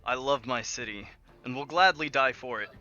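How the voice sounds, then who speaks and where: A man's voice: medium pitch, moderate pace, bright, forceful tone, faint music behind, natural voice. An actor playing a young condemned man who gives a defiant, impassioned final speech in a tabletop game, over muffled online call audio.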